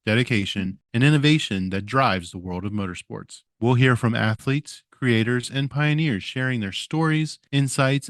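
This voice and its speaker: Low-voiced man reading a podcast intro. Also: dry recording. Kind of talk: scripted narration.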